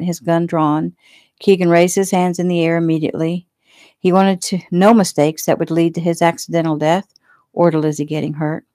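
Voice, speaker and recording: A woman author reading her own novel aloud in a relaxed, homey way. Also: lowish voice, no room sound, studio quality. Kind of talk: casual audiobook narration.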